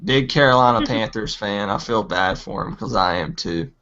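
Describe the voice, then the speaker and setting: A man with a Southern US accent chatting easily on a podcast, telling rambling stories. His voice is bright and forward. The audio is dull and lo-fi. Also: lowish voice, moderate pace. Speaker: podcast co-host. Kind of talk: casual chat.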